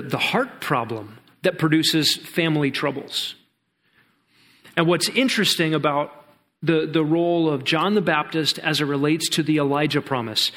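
A man leads a Bible study in a voice pitched a little above the usual for men. He explains earnestly and step by step, often stopping to pose a question and then answer it. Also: a bit bright. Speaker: Bible teacher.

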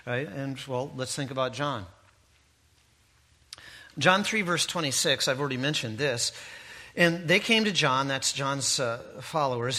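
Bright, conversational male preacher. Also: medium pitch. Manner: conversational, with asides and tag questions. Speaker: pastor. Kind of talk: sermon.

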